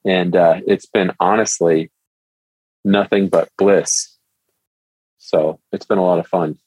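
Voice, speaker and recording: Here the middle-aged pastor talks slowly in a low voice while guesting on a podcast, acting out quotes as he tells lively stories in a casual interview. The audio is poor, with slight background noise.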